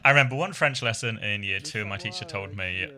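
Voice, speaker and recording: English male esports streamer, very bright forceful tone, chatty and self-deprecating, easy stream talk. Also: fairly low pitch, brisk. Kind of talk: casual stream chat and play-by-play commentary.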